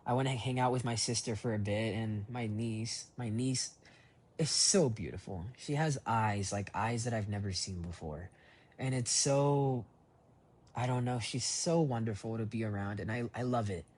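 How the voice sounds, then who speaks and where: A man's voice: on the low side, moderate pace, darkish tone. A young man recording a rambling, reflective voice memo diary on his phone, full of fillers and restarts. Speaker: voice diary keeper.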